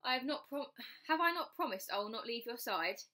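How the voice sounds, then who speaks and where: A woman's voice: on the high side, expressive, fairly quick, bright, forceful tone, pitched above the performer's own voice. A woman voicing a mysterious, reassuring male ghost cousin who speaks in courtly, archaic phrases, in a storybook reading. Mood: hushed.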